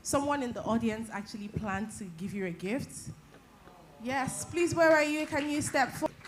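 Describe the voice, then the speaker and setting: A woman's voice: on the high side, normal speed. A woman who hosts a conference and keeps prompting the crowd in an upbeat way. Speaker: event host. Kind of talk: live event hosting. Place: conference hall with a live audience. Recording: noisy live hall audio.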